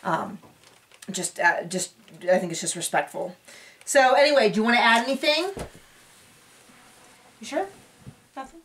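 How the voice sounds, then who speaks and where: A woman's voice: a little high, expressive, moderate pace, long pauses, fairly bright tone, recorded from a distance, a little hiss or hum. A woman hosting a casual recap show, chatty and opinionated with sarcastic asides, recorded a bit away from the mic.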